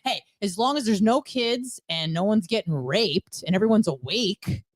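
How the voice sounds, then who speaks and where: A woman's voice: mid-range voice, animated, normal speed, no room sound. A woman guest on a podcast, telling her story bluntly with frequent swearing. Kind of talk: candid conversational storytelling.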